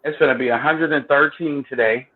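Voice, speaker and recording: A man's voice: medium pitch, brisk. A man, chatting casually as co-host in a laid-back, colloquial way with short agreeing replies. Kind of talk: casual chat. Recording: tinny phone-like line with faint noise.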